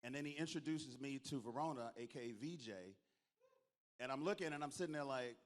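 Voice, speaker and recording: A man's voice: medium pitch, brisk. A man, giving a joking, storytelling closing speech to a crowd as a convention organizer. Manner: storytelling, joking, calls on the audience to applaud. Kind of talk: lively onstage speech to a crowd. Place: convention hall stage.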